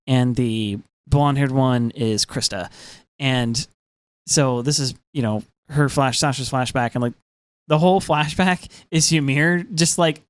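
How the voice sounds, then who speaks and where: A podcast co-host recapping an anime episode in casual, quick, filler-heavy chat. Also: medium pitch, clean tone, no room sound.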